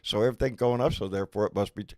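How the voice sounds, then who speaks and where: A man's voice: lowish voice, rapid-fire, noisy background. An older man co-hosting a livestream, chatting casually and swearing freely with apologetic asides. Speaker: livestream co-host. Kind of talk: casual political chat.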